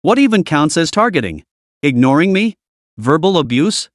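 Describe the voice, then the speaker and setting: A man's voice: on the high side, big pitch swings, moderate pace, no room sound, studio quality. A man voicing a timid, scheming young female student in a story recap, hesitant and trembling.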